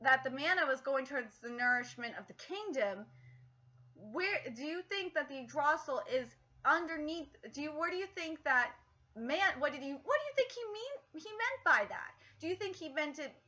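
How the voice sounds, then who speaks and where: A high, bright-voiced woman giving excitable live reaction commentary. She swears freely and thinks out loud with plenty of ums and restarts. The audio is dull and lo-fi, like a home stream mic. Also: moderate pace.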